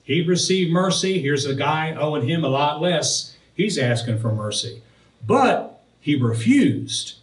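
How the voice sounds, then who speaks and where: A man's voice: fairly high pitch, lively intonation, unhurried. Man, pastor, sermon, storytelling, scripture reading, echoey room, distant mic. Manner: storytelling preacher, reads scripture aloud. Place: church sanctuary.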